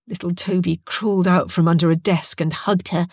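A woman reads an audiobook with lively, expressive storytelling. Her voice sits on the low side. It is recorded close in a dead, dry studio booth. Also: moderate pace, hardly any pauses, dry recording. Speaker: narrator. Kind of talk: scripted audiobook narration.

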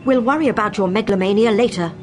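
A woman's voice: mid-range voice, rapid-fire, soft background music, natural voice. A woman voicing a shrewd male adventurer who speaks in a firm, reassuring way.

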